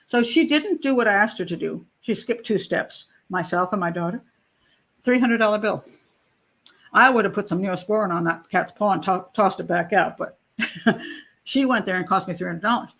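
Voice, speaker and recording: A middle-aged woman hosting a show, telling a personal story in a casual, animated way and acting out the voices of the people in it. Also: on the high side, a little fast. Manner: animated, acts out quoted voices, frequent restarts. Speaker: host, criminal profiler.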